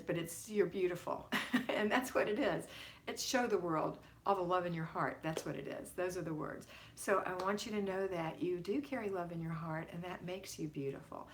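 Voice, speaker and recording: Her voice sits fairly low, with a little background noise in the recording. She's a middle-aged woman running a relaxed homemaking livestream at home, calling out to viewers by name in a fond, talkative manner.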